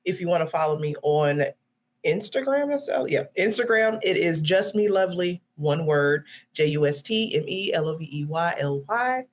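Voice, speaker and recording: A woman's voice: lowish voice, lively intonation, moderate pace. A middle-aged woman joins a podcast for casual chat. She talks bluntly and playfully and swears a lot. She sounds tired, as if after a long day. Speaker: podcast guest.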